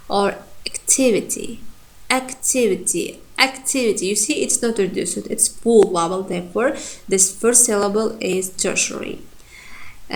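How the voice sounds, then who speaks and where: A woman with an Uzbek accent teaching a phonetics lesson, slowly repeating example words and pausing on fillers. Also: mid-range voice. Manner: slow, repeats model words with hesitant fillers. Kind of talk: phonetics lecture.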